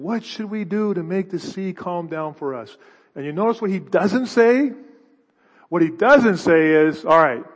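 A pastor preaching a sermon with dramatic storytelling and stammered restarts, recorded in a church hall. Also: male voice, fairly high pitch. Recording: long reverb, dull lo-fi sound.

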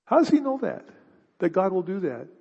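A pastor preaching a sermon with dramatic storytelling and stammered restarts, recorded in a church hall. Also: male voice, sits high, sing-song, brisk, creaky, slightly rough. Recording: long reverb, dull lo-fi sound.

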